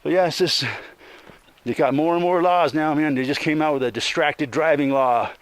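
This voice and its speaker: A man's voice: fairly high pitch, fairly even intonation, normal speed, no echo. A man ranting angrily in a rambling, profane monologue, ending many sentences with "man.". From Colorado. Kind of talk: casual monologue rant.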